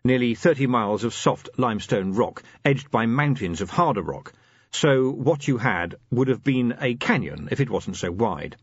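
A man narrating an audiobook in a dry, measured storytelling manner. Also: medium pitch, expressive, slightly rough, no echo. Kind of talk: scripted narration. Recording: slightly dull, muffled audio.

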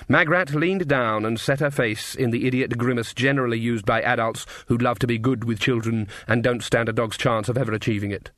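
A man narrating a fantasy novel with wry, measured storytelling. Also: mid-range voice, steady tone, a bit bright, no echo, clean studio sound. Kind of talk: audiobook narration.

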